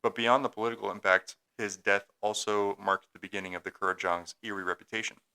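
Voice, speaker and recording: Deep-voiced young man reading a ghost story. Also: fairly even intonation, fast talker, bright, forceful tone, clear, resonant tone. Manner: reads a script with stumbles, then jokes and laughs. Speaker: podcast co-host telling a ghost story. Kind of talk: casual podcast storytelling, reading notes.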